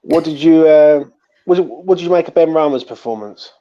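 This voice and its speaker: A man's voice: on the high side, a little fast, mellow. A man calling in to a fan show and questioning the host in a casual, inquisitive way. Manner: inquisitive, gives short fillers. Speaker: caller asking the host questions. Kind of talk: casual chat. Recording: dull lo-fi call line.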